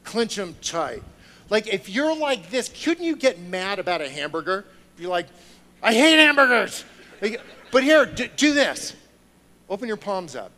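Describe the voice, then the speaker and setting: A man giving a sermon through personal stories, moving from hushed storytelling to loud, excited preaching before a congregation. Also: high voice, a little slow, low-quality recording. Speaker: lay speaker. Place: church sanctuary with a congregation.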